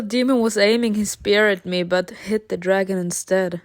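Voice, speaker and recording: A woman reading an interactive story game aloud, narrating dramatically and breaking into giggles and excited comments. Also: mid-range voice, normal speed, few pauses, dry recording, clean studio sound.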